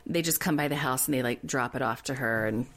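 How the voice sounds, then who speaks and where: A woman's voice: rumbling low, brisk, a bit bright. A woman co-hosting a casual chat show, gossiping bluntly and laughing often. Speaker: podcast co-host.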